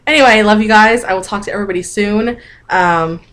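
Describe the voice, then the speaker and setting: A woman's voice: medium pitch, a little fast, a bit bright. Woman in her thirties, casual vlog, candid, chatty, emotional, talking to camera. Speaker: vlogger.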